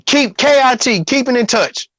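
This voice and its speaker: A man's voice: very high-pitched, moderate pace, a bit bright, no echo. A man telling a personal story in casual talk, rambling, restarting, and quoting what others said. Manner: rambling, repeats himself, quotes others.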